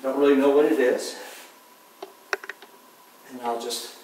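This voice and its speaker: Soft-spoken man demonstrating a painting. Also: medium pitch, steady tone, slight background noise. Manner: soft-spoken, unhurried, often trailing off quietly. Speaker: painting instructor. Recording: distant mic in an echoey room with faint ambience.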